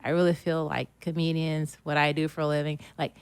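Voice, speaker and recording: A woman's voice: low-pitched, level tone, brisk, clear, resonant tone, dry recording. A middle-aged woman, a guest on a podcast, talking about hard work in an earnest, motivational way and repeating her key phrases. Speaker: guest, dietitian and author. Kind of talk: casual interview chat.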